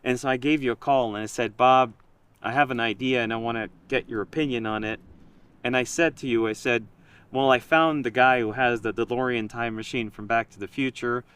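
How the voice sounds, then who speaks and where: A man in casual conversation, telling a story in an animated way and quoting himself and others. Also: medium pitch, brisk, clean tone. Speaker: project creator.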